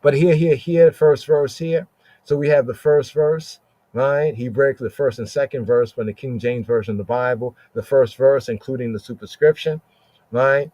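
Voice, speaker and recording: A man hosting a livestream podcast, teaching a psalm verse by verse in a slow, searching way, often asking "right?" and repeating "here, here". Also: medium pitch, steady tone, dark tone, no echo. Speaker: podcast host and Bible teacher.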